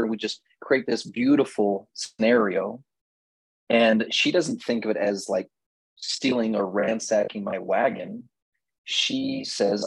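A man's voice: fairly low pitch, measured pace, breathy edge, no echo, poor audio. A man teaching a marriage class, telling stories and acting out both sides of talks with his wife. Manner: animated storytelling, acting out dialogue with his wife. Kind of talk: lecture to a class.

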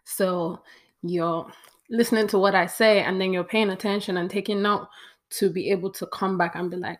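A woman's voice: mid-range voice, moderate pace. A young woman, chatting playfully to camera as she counts off a list. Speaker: vlogger. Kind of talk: casual talk to camera.

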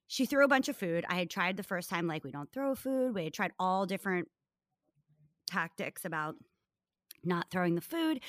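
A woman in her thirties with a bright, forceful voice tells a comic story on a podcast. She talks in a lively, casual way and swears freely. She is recorded close and dry, with no room sound. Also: fairly low pitch, no echo. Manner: animated, profane, comic storytelling. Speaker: podcast co-host.

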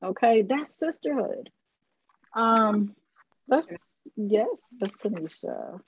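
A woman hosting a casual faith-based group discussion, affirming and quick to get emotional. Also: on the high side, big pitch swings, breathy edge, lo-fi sound. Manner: warm and affirming, gets emotional. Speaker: host.

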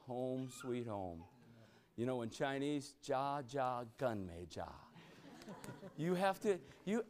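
Emphatic man leading a Bible study. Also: mid-range voice. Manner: emphatic, keeps asking "you know what?", exclamatory bursts. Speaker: church meeting leader. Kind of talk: interactive Bible study preaching.

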